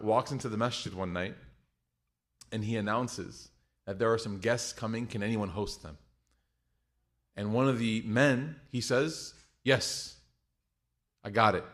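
Lively man preaching a sermon. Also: medium pitch. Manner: lively, conversational, acts out quoted people.

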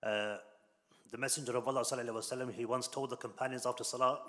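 A man's voice: mid-range voice, level tone, racing, pushed and bright. Male religious teacher, plain mid voice, explains patiently, long hall reverb. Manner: explanatory, with frequent fillers and restarts. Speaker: Islamic teacher. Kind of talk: religious lesson.

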